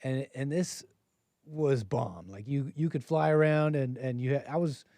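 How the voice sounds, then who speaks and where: A man's voice: medium pitch, a little slow, warm tone, no echo, studio quality. A man in his thirties hosting a call-in livestream, talking casually in a rambling way, chuckling often and reading viewer messages aloud. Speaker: host of a call-in stream.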